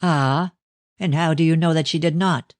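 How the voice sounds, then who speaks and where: A man voicing a stern, guarded older Victorian father who speaks in a measured, ironic way in an audiobook. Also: fairly high pitch, fairly even intonation, dry recording, lightly acted. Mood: cold. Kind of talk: audiobook reading of a novel.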